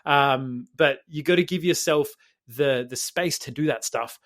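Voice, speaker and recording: A man co-hosting a podcast as a fitness coach, rambling quickly and swearing casually. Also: fairly high pitch, dry recording, clean studio sound. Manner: fast, rambling, swears casually, says mate.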